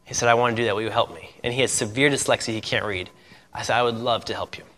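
A man's voice: medium pitch, steady tone, racing, sharp tone. A man from Indiana, a missionary pastor, telling stories in a sermon and laughing often at them. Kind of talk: sermon storytelling. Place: church. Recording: long reverb of a church hall.

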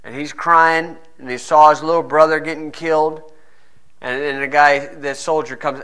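A man preaching a sermon and reading scripture, emphatic, swinging between quiet asides and loud stressed phrases. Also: mid-range voice, moderate pace.

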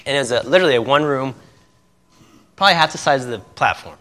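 A church hall's long reverb surrounds this fast, animated male voice, mid-range and pushed bright. The speaker, a missionary pastor from Indiana, tells stories in his sermon and laughs at them often.

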